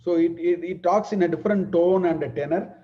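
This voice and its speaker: A man teaching a scripture class, explaining Sanskrit verses word by word in an unhurried way. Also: high-pitched. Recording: dull lo-fi recording.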